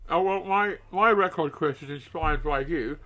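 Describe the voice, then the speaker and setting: A man's voice: a little high, moderate pace, fairly bright tone, poor audio. A man hosting a podcast, reading out quiz questions in a dry, teasing manner.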